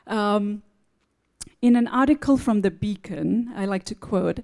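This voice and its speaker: A woman who came to the United States from abroad, moderating a live panel and telling a humorous, animated story. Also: mid-range voice, unhurried, gravelly. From outside the United States.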